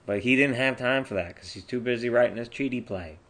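A woman's voice: a bass voice, brisk. Female podcast co-host: casual TV talk, dry and wry comebacks. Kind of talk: casual chat.

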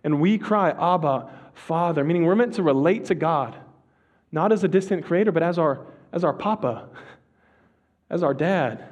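Preaching in an easygoing, conversational style, this pastor uses slang and restarts himself, slowing to a hush for key phrases. His voice is fairly high and the audio sounds dull.

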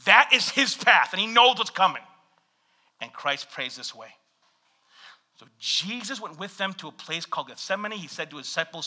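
Male pastor, sermon delivery, high bright voice, lively swings in pitch, humorous storyteller. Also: a little fast. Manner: animated storytelling with scripture reading and humor.

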